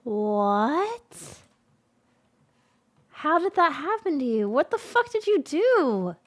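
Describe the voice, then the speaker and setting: A woman streamer chatting casually with her viewers. She is excitable, swears often and shrieks when she thanks people for gifts. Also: high-pitched, slow. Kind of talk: casual livestream chat.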